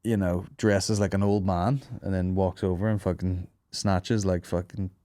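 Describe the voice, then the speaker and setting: A man's voice: low voice, level tone, moderate pace, warm tone, no room sound, clean studio sound. A man hosting a podcast, chatting casually with lots of swearing and joking. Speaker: podcast host. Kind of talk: casual chat.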